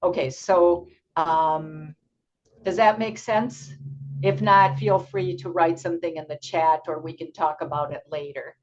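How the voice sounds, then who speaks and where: An older woman, a teacher trainer, presents an online workshop for tutors in a slightly low voice, moving at an unhurried, patient pace. She goes step by step and pauses often with ums. The audio sounds dull and lo-fi, like a video call.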